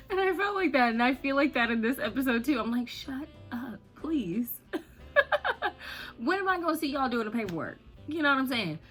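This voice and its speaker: Casting: woman vlogger, animated casual rant, bright voice, faint music underneath. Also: high-pitched, moderate pace, long pauses. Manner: animated, laughing often, emphatic repetition.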